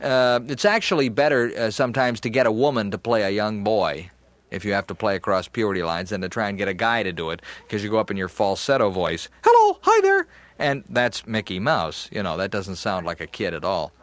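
A man's voice: on the low side, a little fast, fairly bright tone, dry recording. A male voice actor explaining how he performs older and younger voices, thinking aloud with examples. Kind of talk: explaining technique.

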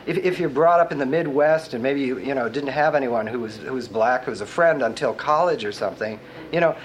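A chatty theatre director, a man with a middle-pitched voice who rambles along in an interview. There is faint ambient noise behind him. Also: low-quality recording. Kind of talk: interview talk.

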